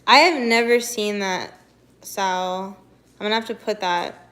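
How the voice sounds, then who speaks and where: A woman's voice: medium pitch, a little slow, a bit bright. A young woman streamer in casual live-stream chat, bubbly and rambling, with lots of "like". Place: home, walks to the kitchen.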